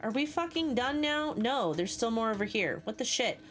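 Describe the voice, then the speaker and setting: A woman streaming a video game with a high voice that leaps up and down. She chats casually, swears at enemies and thanks her viewers warmly. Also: expressive, moderate pace, over music. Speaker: live streamer. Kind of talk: casual gaming live stream chat.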